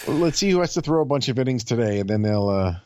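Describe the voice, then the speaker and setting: A man's voice: medium pitch, animated, quick pace, darkish tone, no echo. A man co-hosting a podcast in casual sports chat, making dry, sardonic quips. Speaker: podcast co-host.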